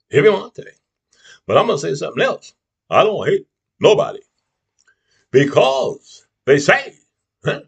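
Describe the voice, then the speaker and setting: Man, YouTube commentator, angry preachy rant, husky, lively pitch, frequent "huh?" tags. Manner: preachy, keeps tossing in "huh?" and "you see what I'm saying"; angry, name-calling. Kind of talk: impassioned political rant to camera.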